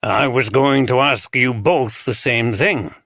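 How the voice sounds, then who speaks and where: A man's voice: mid-range voice, slow, fairly bright tone, no echo. Male reader voicing a direct northern detective, Northern English accent, dry close sound. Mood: calm. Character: steady, unintimidated northern male chief inspector.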